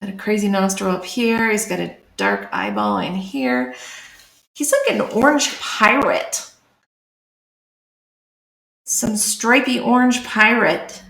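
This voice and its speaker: A woman talks slowly and easily while she draws, narrating each stroke for her live stream. Her voice has a gravelly edge, and the room gives it a noticeable echo. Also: medium pitch, very animated, fairly bright tone. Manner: chatty, talks through her work. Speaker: streamer and artist. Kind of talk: live-streamed drawing commentary.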